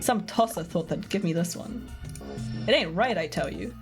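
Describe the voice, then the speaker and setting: A woman's voice: fairly low pitch, animated, normal speed, over music, voice pushed down. A woman putting on a grumbling Cockney robot. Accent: put-on Cockney. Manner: amused, half-laughing delivery.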